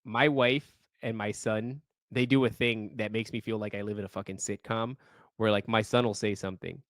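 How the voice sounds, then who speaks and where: A man co-hosting a podcast, reading listener stories in casual chat, animated and profane, often laughing while he reads. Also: on the low side, normal speed, no echo, studio quality.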